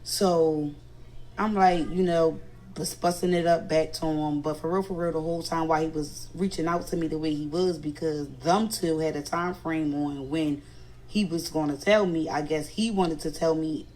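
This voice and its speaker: A woman with a Philadelphia accent and a deep, steady, darkish voice tells a family story at a moderate pace during a casual storytime. Recounting the family drama, she animatedly quotes others and grows indignant, and the recording is rough.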